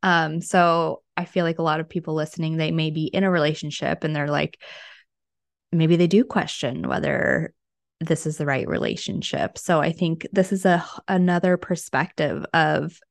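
A woman's voice: deep voice, fairly even intonation, moderate pace, creaky, dry recording. A woman hosting a podcast interview, musing thoughtfully in a casual way with frequent fillers. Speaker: podcast host.

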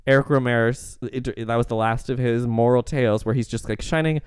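With a steady, medium-pitched voice, this man talks briskly and smoothly as he co-hosts a relaxed podcast about films. He wanders between tangents, laughs a lot, and performs movie lines in character voices, all captured in echo-free studio quality.

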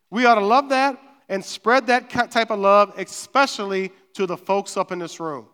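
A man preaches a sermon, his high voice smooth and resonant. He talks conversationally, repeating words and checking in with the room. A long church-hall reverb trails behind him. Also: a bit bright. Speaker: pastor. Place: church sanctuary.

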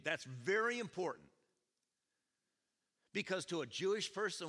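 A man pastor delivers a lively sermon, his pitch leaping up and down as he questions the congregation. His voice is bright and forceful. A long reverb from the church hall hangs behind every line. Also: moderate pace. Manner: animated, questioning the congregation, acting out quotes. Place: church service.

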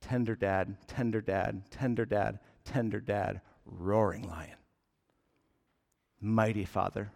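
A man in his thirties preaching a sermon as pastor, earnest and deliberate, with emphatic rises on key words. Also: lowish voice, fairly even intonation, gravelly, a little mellow. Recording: long hall reverb.

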